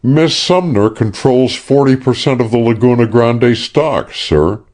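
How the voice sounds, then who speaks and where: A man's voice: medium pitch, unhurried, darkish tone, pitched above the performer's own voice, natural voice. A man voicing a formal, apologetic company manager in an audiobook.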